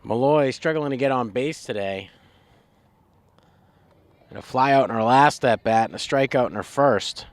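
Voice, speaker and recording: A man giving color commentary on a local softball game, easygoing as he runs through stats and at-bats. His voice is dry and close, with little room sound. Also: mid-range voice, moderate pace, pauses often, no echo. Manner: relaxed, talks through player stats.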